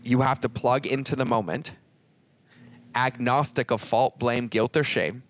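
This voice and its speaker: A man's voice: medium pitch, fairly even intonation, measured pace. A man hosting a podcast in a casual conversation, talking emphatically and swearing freely. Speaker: podcast host.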